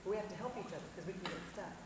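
A woman from the congregation sharing her thoughts in a quick, chatty way with fillers. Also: lowish voice. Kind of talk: casual testimony. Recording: distant, echoey hall with room noise.

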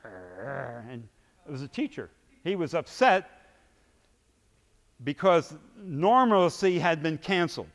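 A man preaching, telling a story vividly and acting out its scenes, his loudness swinging from hushed to booming. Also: sing-song, slow, long pauses, in a large hall. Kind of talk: sermon storytelling.

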